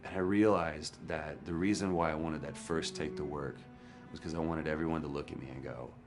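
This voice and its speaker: A man, an actor, candidly recounting a hard day on set in a documentary interview, sometimes dropping to a hush. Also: rumbling low, brisk, over music. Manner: candid, animated storytelling, drops to a hush for quotes. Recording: interview with score under it.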